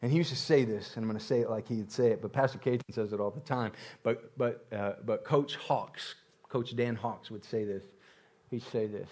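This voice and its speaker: A man's voice: medium pitch, fairly quick. A man preaching a sermon, repeating phrases and building intensity, with occasional laughter. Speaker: pastor.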